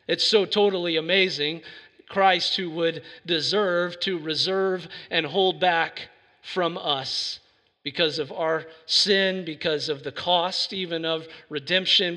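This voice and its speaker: High bright-voiced man preaching in a hall. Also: a little slow. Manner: earnest, builds to emphatic preaching. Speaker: pastor. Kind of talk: sermon. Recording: reverberant hall sound.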